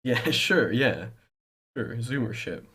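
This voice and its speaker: A man's voice: mid-range voice, very animated, takes it slowly, fairly bright tone, husky. A man co-hosting a streamed talk show, joking and teasing in casual banter. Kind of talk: casual chat.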